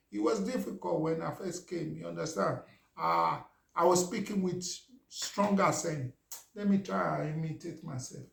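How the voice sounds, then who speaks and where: A man's voice: on the high side, creaky. A middle-aged Nigerian man, a Yoruba speaker, telling a casual story in a chatty way and often asking "you understand?". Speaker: vlogger. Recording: roomy echo.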